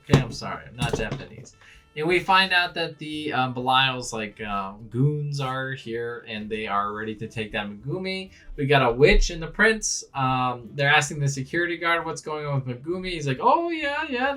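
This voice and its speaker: A man hosting a casual manga reaction video; he is excitable, laughs often and swears freely. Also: on the high side.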